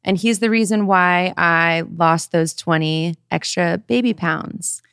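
A woman with a slightly low voice co-hosts a relaxed podcast chat and laughs easily between lines. The sound is dry and close, with no room around it. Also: slow pace, clean tone, no echo. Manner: giggly, laughs often. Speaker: podcast co-host. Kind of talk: casual chat.

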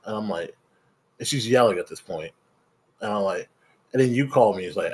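Young male co-host, casual storyteller, animated delivery with voiced-out quotes. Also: fairly low pitch, fairly quick, pauses often, husky. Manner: animated storytelling, acts out quotes, swears freely. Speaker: podcast co-host. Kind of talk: casual chat.

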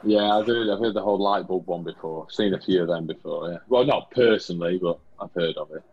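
Deep, husky deadpan British man. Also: fast, muffled recording. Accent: British English. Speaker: podcast co-host. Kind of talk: scripted comic pub banter.

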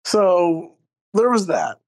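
A man's voice: high voice, very animated, takes it slowly. A young man in casual conversation, rambling through a story and laughing along the way. He talks loosely, with lots of filler words.

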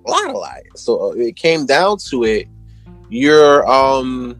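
A man's voice: mid-range voice, sing-song, slow pace. A man, a music producer telling stories as an interview guest in a slangy, laid-back way. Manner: laid-back, slangy, many "you know what I'm saying" fillers. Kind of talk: casual storytelling chat.

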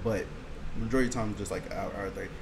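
A young adult college student, guesting on a podcast as a sketch video creator, chats casually about making videos. His lowish, gravelly voice races along in a steady tone over background noise as he tells loose, laid-back stories full of "like" and acts out his friends.

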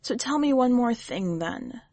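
A woman voicing a shrewd, wry witch who speaks patiently and gently, like a teacher, in a storybook reading. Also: a little high, animated, a little slow, no room sound, voice pushed up.

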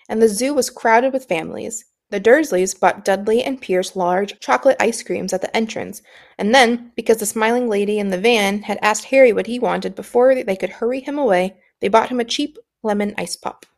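A woman reading a novel aloud chapter by chapter in a steady, even storytelling manner. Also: mid-range voice, gravelly. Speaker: audiobook reader.

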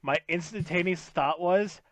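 A man's voice: high voice, measured pace, fairly bright tone, no echo. A man tossing out wisecracks in a casual podcast chat, swearing now and then.

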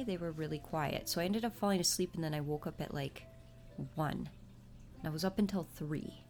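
Over soft background music, a woman with a low, slightly mellow voice talks a little slowly and pauses often. She's a vlogger and mom casually confiding in viewers about her faith and her family, chatty and confessional throughout.

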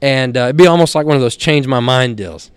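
A Texan man telling stories as a guest on a studio podcast, animated and blunt, laughing through his tales and cursing casually. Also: medium pitch, brisk, clean tone, no echo. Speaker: guest, helicopter hunting outfitter.

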